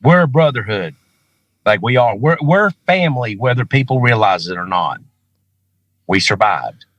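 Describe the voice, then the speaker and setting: A man's voice: mid-range voice, lively intonation, moderate pace, fairly bright tone, no room sound, highs cut off. A man with a thick Southern accent, a rock singer talking earnestly and emphatically on a video call as a guest. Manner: earnest, emphatic, repeats himself for stress. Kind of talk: casual conversation on a video call.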